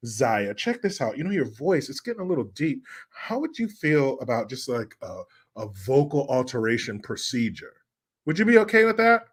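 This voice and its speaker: A man voicing a scheming celebrity stepmother who talks in a coaxing, sing-song sales pitch. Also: sing-song, moderate pace, breathy edge. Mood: wheedling.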